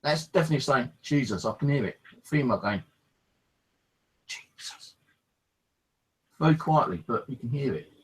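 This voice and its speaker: Man, husky voice, excitable, casual live-stream chat to viewers. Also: mid-range voice, fast. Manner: excitable, swearing, talks to viewers.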